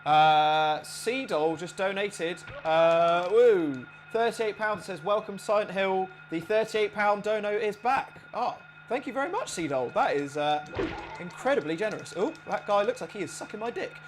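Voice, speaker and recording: A man's voice: high voice, measured pace, music in the background. A man streaming a game live, chatting as he plays, thinking aloud and reading out chat messages and donations. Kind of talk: live game playthrough commentary.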